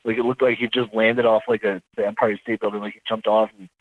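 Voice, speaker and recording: A man, an army veteran, telling his story in a casual interview, rambling and halting as he corrects himself. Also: lowish voice, level tone, dry recording, narrow, tinny audio.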